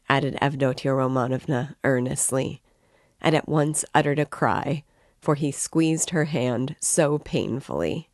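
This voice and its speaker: A woman reading a classic novel aloud in a measured, clear storytelling voice. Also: extremely low pitch, steady tone, darkish tone, dry recording, studio quality. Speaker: book club reader and guide.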